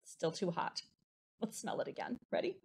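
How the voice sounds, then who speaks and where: A young woman leading a preschool storytime, with a sing-song, encouraging, slow and exaggerated delivery for small children. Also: on the low side, expressive, vocal fry, darkish tone, slightly rough. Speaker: children's librarian.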